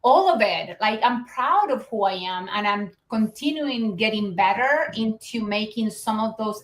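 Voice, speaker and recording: A woman with a Chilean Spanish accent talks earnestly as an interview guest, mid-pitched and thoughtful. Her voice carries the echo of a roomy space. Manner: earnest, reflective, with many fillers. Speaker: guest, business founder. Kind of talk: conversational interview.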